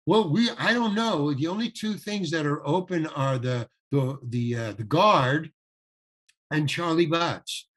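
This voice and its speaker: Older guy spinning a showbiz story, acts out the quotes, trips over his words a lot, voice sits a bit high. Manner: animated anecdote with acted-out quotes, halting restarts. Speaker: guest actor. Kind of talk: storytelling in a podcast interview.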